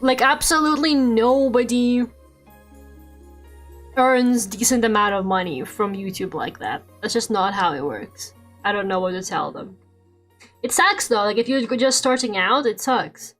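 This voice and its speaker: Young woman streamer, higher voice, rambly and sweary chat, faint music behind. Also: a little slow, a bit bright. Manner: rambling, swears a lot, laughs often. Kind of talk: casual chat while drawing on stream.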